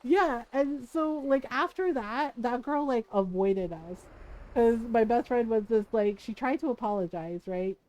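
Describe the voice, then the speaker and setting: High-voiced woman streamer telling stories. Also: measured pace, rough recording. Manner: animated, laughs often, acts out quoted voices. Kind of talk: casual storytelling while gaming.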